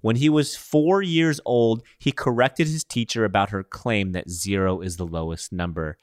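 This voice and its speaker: A man's voice: lowish voice, steady tone, normal speed, no echo, clean studio sound. A man co-hosting a casual chat show who reads news items aloud in a jokey way and laughs as he goes. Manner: jokey, laughs while reading, mangles names on purpose. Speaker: podcast co-host.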